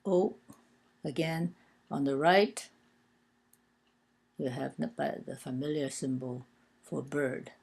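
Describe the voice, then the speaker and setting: Her low voice has a darkish tone and a gravelly, creaky quality as this language teacher works through characters individually. She keeps a slow, patient, deliberate pace, often pausing on filler sounds.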